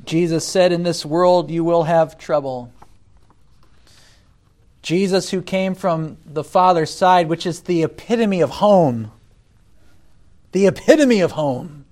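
A man preaching a sermon, deliberate, rising loud when he quotes scripture and dropping soft between points. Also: a little high. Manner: deliberate, swells loud on scripture then drops quiet.

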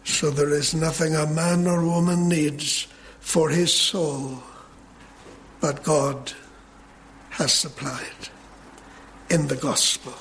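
A man preaching a sermon in a measured way, building to emphatic peaks. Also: on the high side, fairly even intonation, a bit bright, a little hiss or hum.

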